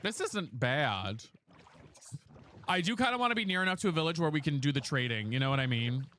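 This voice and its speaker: A game streamer chatting live with viewers while playing, profane and excitable, swinging between low grumbles and loud squeals. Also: a little fast, slight background noise.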